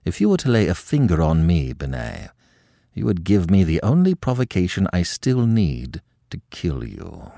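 A cold, cynical young man with icy menace, as a male narrator voices him, each contemptuous word cutting, the pitch low but lively. Dry sound. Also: unhurried, no echo. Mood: icy contempt.

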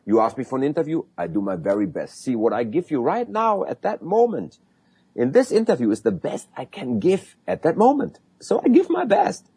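A man with a German accent answering as a guest in an interview, animated and full of restarts. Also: mid-range voice, moderate pace, husky, no echo. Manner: animated, acts out sales calls, frequent restarts. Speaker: guest sales expert.

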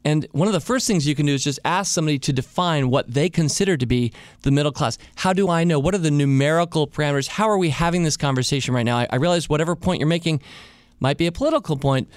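A man hosting a podcast alone. He talks casually and thinks out loud, and he asks many rhetorical questions. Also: a little high, fast talker, no room sound, clean studio sound. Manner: reflective, full of rhetorical questions. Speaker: podcast host. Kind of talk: casual solo monologue.

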